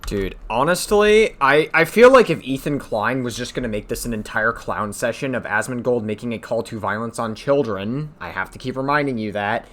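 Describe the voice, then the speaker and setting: A man delivering heated reaction commentary, his pitch swinging widely as he grows exasperated. He swears freely and circles back to the same points again and again. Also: animated, fairly quick, hardly any pauses, fairly bright tone. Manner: heated, exasperated ranting with profanity. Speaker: commentary streamer.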